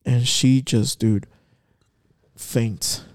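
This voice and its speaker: A young man telling a story in casual chat, slangy, switching into Spanish, with halting restarts. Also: mid-range voice, fairly even intonation, no echo, clean studio sound.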